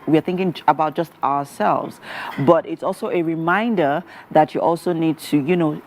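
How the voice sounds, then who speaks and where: A woman's voice: low-pitched, darkish tone. A woman with a Nigerian English accent hosting a breakfast TV show and interviewing an author in a chatty way full of "you know" fillers.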